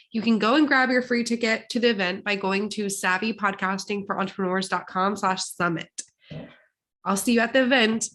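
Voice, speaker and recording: Young adult woman from Texas, podcast host; upbeat, direct, a little congested with vocal fry. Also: mid-range voice, a bit bright. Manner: upbeat and chatty, addressing listeners directly. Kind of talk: solo podcast teaching.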